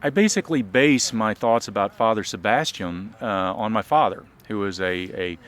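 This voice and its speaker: A man's voice: lowish voice, moderate pace. A man from Southern Illinois, a reenactor, talking casually in an interview outdoors with frequent ums. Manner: relaxed, frequent um and uh, restarts. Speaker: reenactor and biology teacher.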